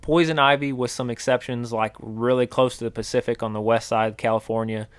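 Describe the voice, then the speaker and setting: A man's voice: mid-range voice, steady tone, brisk, smooth, no echo. Chatty man hosting a podcast. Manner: explains at length with frequent restarts and fillers. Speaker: podcast co-host, wildlife biologist. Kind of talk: casual podcast chat.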